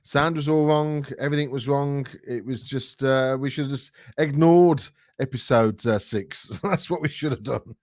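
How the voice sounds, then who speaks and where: A man's voice: mid-range voice, moderate pace, few pauses, darkish tone, no echo, clean studio sound. A man co-hosting a casual chat show, blunt, dismissive and jokey. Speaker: podcast co-host.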